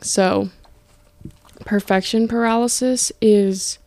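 Slow-talking young woman podcasting from her dorm. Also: medium pitch, creaky, mellow, no room sound. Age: young adult. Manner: rambling, self-interrupting, chatty. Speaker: podcast host. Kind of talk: casual solo podcast chat. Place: college dorm room. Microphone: podcast mic, filmed for video.

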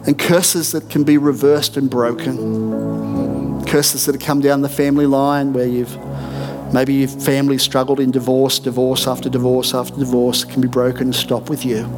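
A man's voice: mid-range voice, level tone, moderate pace, music in the background. A middle-aged man, a senior pastor, preaching a sermon in an earnest, emphatic way with repeated declarations in a church. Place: church auditorium.

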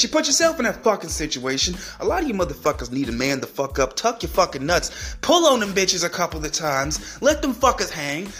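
A man's voice: high voice, a bit bright. A young man ranting angrily at his friends, swearing constantly, stumbling over repeated words and mocking them in a whiny voice. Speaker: podcast host. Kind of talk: profane solo rant.

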